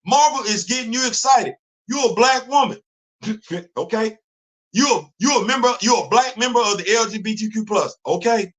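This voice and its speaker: Animated high-voiced male stream host. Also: moderate pace. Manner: animated, rhetorical questioning, repeats himself. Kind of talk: live stream commentary.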